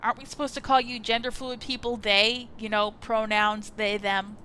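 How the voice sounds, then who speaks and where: A woman's voice: fairly high pitch, flat delivery, moderate pace, sharp tone, slight background noise. A woman voicing an awkward, apologetic male sociologist landlord who rambles and stammers, reading a visual novel aloud. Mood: fawning.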